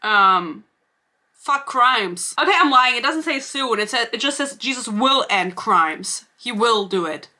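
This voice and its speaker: A woman's voice: on the high side, lively intonation, unhurried, sharp tone. A young woman reviewing a book on her own channel, ranting casually with sarcasm, swearing and laughing asides. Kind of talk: casual rant to camera.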